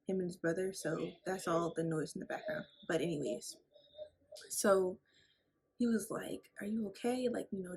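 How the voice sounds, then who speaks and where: A woman's voice: on the low side, slightly rough. Candid young woman vlogging from home. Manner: candid storytelling with many fillers. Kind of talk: casual chat. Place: at home indoors. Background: fan noise and men playing a video game.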